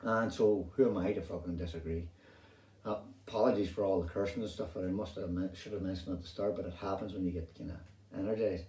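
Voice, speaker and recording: A middle-aged man with a Northern Irish accent tells his own story, rambling and animated, with plenty of swearing. His voice sits low and mellow. He is recorded a little away from the mic in a roomy space. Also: fast talker. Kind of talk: casual personal storytelling. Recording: roomy sound, distant from mic.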